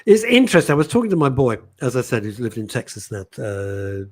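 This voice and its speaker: Lively husky man, middle-aged. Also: medium pitch, fast. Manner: animated storytelling with mimicked voices. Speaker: talk show host. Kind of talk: casual chat.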